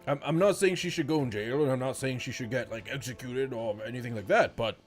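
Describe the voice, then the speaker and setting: A man's voice: medium pitch, fast, soft background music. A man playing a tabletop game, chatting in a rambling, hesitant way that repeats words. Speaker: player. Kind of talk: casual tabletop game chat.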